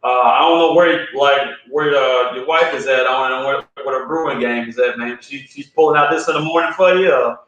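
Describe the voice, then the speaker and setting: A man explains how he brews coffee in a relaxed, step-by-step way, dropping "man" into most lines. His voice is mid-pitched and sits far from the mic. The room around him is very echoey. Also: fairly quick, few pauses, lo-fi sound. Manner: laid-back, explains step by step, says "man" a lot. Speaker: coffee roaster guest. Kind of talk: casual chat and brewing demo.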